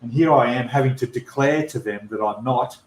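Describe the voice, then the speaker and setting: A man's voice: medium pitch, moderate pace, a little hiss or hum. An Australian man hosting a live stream Q&A, talking in an exasperated, emphatic way with frequent restarts. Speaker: channel host. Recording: roomy echo.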